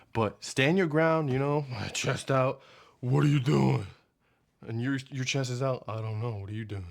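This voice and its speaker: A young man ranting casually to camera as a vlogger, rambling and profane, often losing his train of thought. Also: mid-range voice. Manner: acts out his boss in a hushed mock voice.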